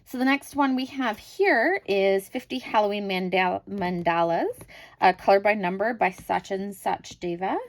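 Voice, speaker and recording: A woman's voice: medium pitch, normal speed, poor audio. A woman, likely in her thirties, casually chatting at home about her finished coloring pages, self-critical and full of fillers. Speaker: crafting channel host.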